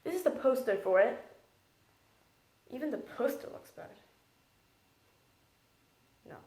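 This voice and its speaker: A woman's voice: high voice, lively intonation, takes it slowly, darkish tone, reverberant, low-quality recording. A woman giving a casual, blunt and sarcastic spoken movie review.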